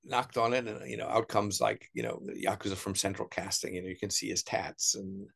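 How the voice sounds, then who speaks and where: A middle-aged American man telling stories as an interview guest, animated, putting on voices for the people he quotes. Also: lowish voice, a little fast, gravelly, slightly rough. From United States. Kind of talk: casual storytelling interview.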